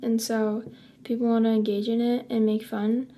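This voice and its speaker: A woman's voice: a little high, little pitch movement, moderate pace, warm tone, a little hiss or hum. A young woman vlogging in a casual chat to camera, rambling with lots of filler words.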